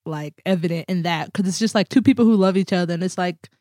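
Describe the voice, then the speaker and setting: A woman's voice: on the low side, fast talker, mellow, dry recording, studio quality. A young woman co-hosting a podcast, bubbly and gushing, filling her talk with "like". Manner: bubbly, says "like" a lot. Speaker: podcast co-host. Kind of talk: casual podcast chat.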